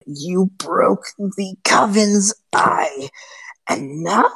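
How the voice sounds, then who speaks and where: A woman voicing a blind, scheming old hag witch, speaking slowly in a hissing half-whisper. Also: mid-range voice, animated, gravelly, fairly bright tone, slightly rough, dry recording, pitched above the performer's own voice, heavily acted, rough recording. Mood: bitter whisper.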